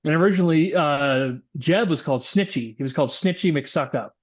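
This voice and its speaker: A man's voice: on the high side, brisk, dull audio. A man who is a voice actor chatting casually on a podcast, loose and laughing easily.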